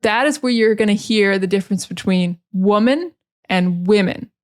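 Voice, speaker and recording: A woman's voice: mid-range voice, moderate pace. An American woman teaching English pronunciation, drilling words over and over with heavy stress and a friendly manner. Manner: friendly, laughs at her own slips. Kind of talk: slow, clear teaching monologue.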